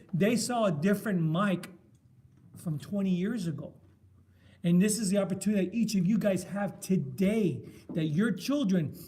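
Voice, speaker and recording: A man's voice: sits high, a little mellow. A middle-aged man leading a men's group, sharing his faith in a passionate, emphatic way and repeating his key words like a preacher.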